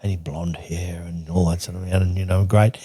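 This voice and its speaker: An older man from Australia telling a rambling travel story on a podcast, halting and restarting as he reads from his journal. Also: deep voice, flat delivery, mellow, breathy edge, dry recording, clean studio sound. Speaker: podcast guest recounting travels. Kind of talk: casual storytelling chat.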